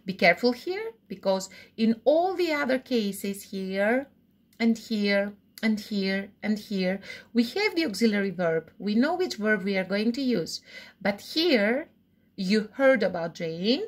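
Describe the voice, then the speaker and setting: A woman teaching English grammar in a recorded lesson, explaining slowly and repeating examples while checking understanding. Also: medium pitch, lively intonation.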